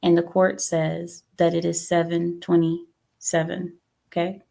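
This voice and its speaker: A woman's voice: unhurried, creaky. A woman hosting a casual livestream, chatting to her viewers and acting out what others said. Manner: chatty, talks to viewers, acts out quotes with lively pitch. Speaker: livestream host.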